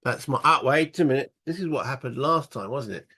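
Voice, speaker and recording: A man's voice: medium pitch, brisk, pushed and bright, slightly rough. A man playing a solo board game, muttering rule passages aloud and thinking through each move. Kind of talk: casual solo wargame playthrough.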